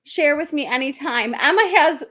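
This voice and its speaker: A middle-aged woman hosting a casual group video chat, chatty, animated and laughing often as she tells stories. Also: high-pitched, moderate pace. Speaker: host.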